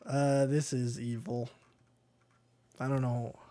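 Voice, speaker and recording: A man's voice: medium pitch, flat delivery, slow pace, dark tone. A man co-hosting a music reaction podcast in a laid-back, jokey casual chat. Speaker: podcast co-host.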